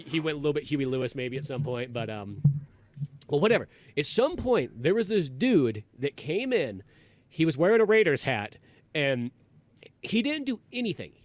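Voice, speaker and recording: Man, podcast host, casual storytelling, rambling, fillers, somewhat high voice, dry sound. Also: no echo. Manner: rambling, heavy on fillers and restarts.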